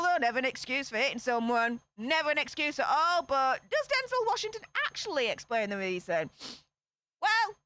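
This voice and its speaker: Sassy and chatty, a Yorkshire-accented woman in her thirties from Yorkshire, England, hosts a casual livestream, tossing out quick greetings and northern slang to viewers. Her voice sits high with a sharp tone.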